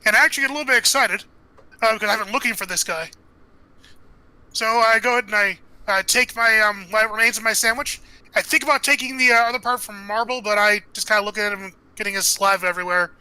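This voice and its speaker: A man playing a tabletop game, describing his character's moves quickly and eagerly. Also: high voice, pushed and bright, smooth, no room sound, poor audio. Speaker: player.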